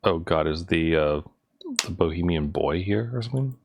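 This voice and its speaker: A man's voice: low-pitched, expressive, normal speed, gravelly, a little hiss or hum. A man streaming a game, chatting in distracted asides between reading lines aloud. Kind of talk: casual live-stream chat while reading a game aloud.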